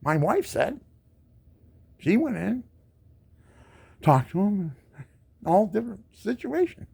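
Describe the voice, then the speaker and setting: Gravelly man in his seventies, ranting. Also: high-pitched, sing-song, takes it slowly, darkish tone. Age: 70s. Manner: indignant ranting, rhetorical questions, repeats words. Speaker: disabled veteran. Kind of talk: angry monologue to camera.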